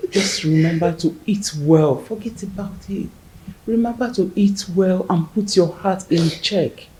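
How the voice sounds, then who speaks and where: An actress playing a widowed woman with a Nigerian accent who gently comforts a grieving friend. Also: lightly acted, poor audio. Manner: consoling, gentle and low. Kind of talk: Nollywood film acting.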